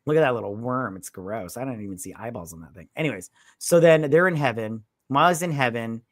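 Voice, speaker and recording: A man rambling loosely through a film plot, cursing freely and slipping into the characters' lines. He sounds close and dry, with no room around him. His voice sits at an ordinary middle pitch. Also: fairly quick, no echo. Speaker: movie review co-host. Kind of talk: casual live-stream chat.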